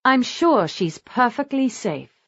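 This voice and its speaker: A woman narrator voicing a gentle young woman friend who speaks soothingly. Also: a little high, very animated, slow, breathy edge, highs cut off, pitched above the performer's own voice, exaggerated voice.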